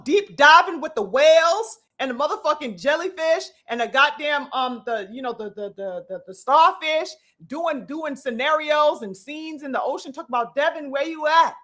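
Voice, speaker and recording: High bright-voiced woman ranting emphatically. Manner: emphatic, profane, stacks rhetorical questions; addresses the audience like a preacher. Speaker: boxing commentary host. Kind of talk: live-stream commentary rant.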